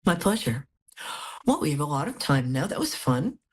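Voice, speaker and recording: A woman's voice: low voice, big pitch swings, moderate pace, husky. A woman hosting a live call-in tarot reading, chatty and affectionate, a little out of it after a hospital stay. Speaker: psychic reading host.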